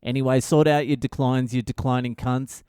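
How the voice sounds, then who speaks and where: A man hosts his own podcast, riffing alone through profane, rambling comic stories. His voice is smooth and resonant. It is recorded dry and close, with no room sound. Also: mid-range voice, level tone, moderate pace, warm tone, dry recording. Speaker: podcast host. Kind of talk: casual solo monologue.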